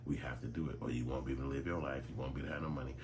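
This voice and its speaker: Deep-voiced blunt man. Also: fairly even intonation, rapid-fire, noisy background. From Chicago. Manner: blunt, profane, streetwise. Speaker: commentary channel host. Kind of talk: casual profane commentary.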